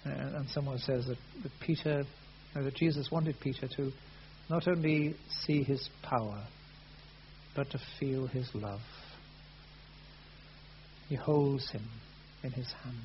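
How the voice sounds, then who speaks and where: A man preaching a sermon, earnest, rising loud and then falling soft. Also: medium pitch, fairly even intonation, unhurried, pauses often. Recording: dull lo-fi sound with faint hum.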